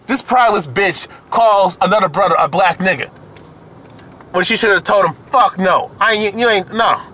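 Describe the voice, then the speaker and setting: A man's voice: high voice, sharp tone, a little hiss or hum. A man delivering an angry, profane rant to camera as a video commentator, heated and repetitive, often restarting his sentences.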